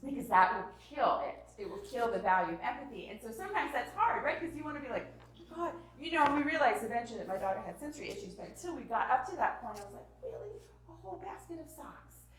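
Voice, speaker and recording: A woman in her thirties presenting a parenting workshop, animated, acting out parent and child voices and dropping into whispers. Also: fairly high pitch, fast talker, hardly any pauses. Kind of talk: lively parenting talk to a live group. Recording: very echoey hall from far off.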